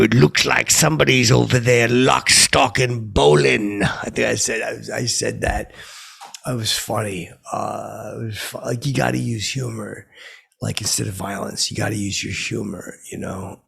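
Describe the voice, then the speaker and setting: A man's voice: on the low side, fairly bright tone. A man hosting his own podcast, telling boastful comic stories in a meandering way with lots of fillers. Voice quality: gravelly, raspy. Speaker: podcast host. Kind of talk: rambling comic storytelling.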